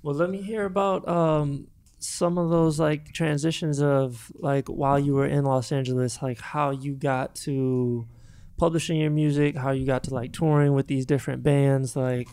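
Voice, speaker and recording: A man's voice: fairly high pitch, normal speed, clean tone. A man hosting an interview, asking loose questions with lots of fillers. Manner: relaxed, asks rambling questions with many fillers. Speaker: interview host. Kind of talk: casual interview.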